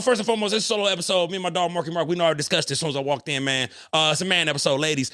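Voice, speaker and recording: A young adult man hosting a podcast, ranting in a casual, profane and animated way. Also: on the high side, rapid-fire, dry recording, studio quality. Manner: animated, heated, swearing freely. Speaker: podcast host. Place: studio room with friends.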